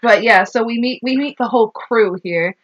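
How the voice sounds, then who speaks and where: A woman co-hosting a podcast, recapping a movie in animated, casual chat and swearing freely. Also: on the high side, normal speed, highs cut off. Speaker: podcast co-host.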